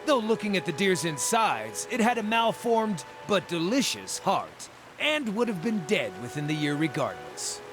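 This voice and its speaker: Brief: a small, gleeful druid creature in a game, high and bouncy, game music behind. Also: male voice, moderate pace, hardly any pauses. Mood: relishing. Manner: jovial and relishing, lively sing-song delivery. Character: cheerful small male Orlan druid, gleefully eating raw meat. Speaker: game character. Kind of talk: video game dialogue.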